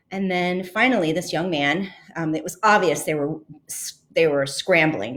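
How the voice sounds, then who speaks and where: A woman podcast host and leadership coach telling a personal story in an earnest, reflective way, with fillers and restarts. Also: fairly low pitch.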